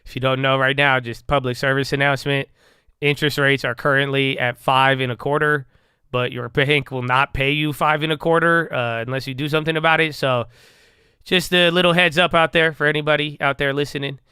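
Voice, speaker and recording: A man's voice: mid-range voice, level tone, a little fast, bright, forceful tone, clear, resonant tone, dry recording, studio quality. A man casually talking through stock moves on a livestream, rambling and joking, often trailing off into mumbles. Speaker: stock market livestream host. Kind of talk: casual live market commentary.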